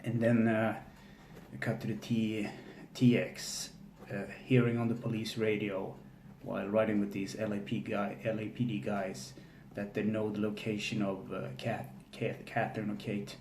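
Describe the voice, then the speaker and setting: A man offers a casual spoken film recap in a lowish voice, his flat delivery halting and stop-start, full of fillers and restarts. The echoey room carries faint ambience and a low room hum.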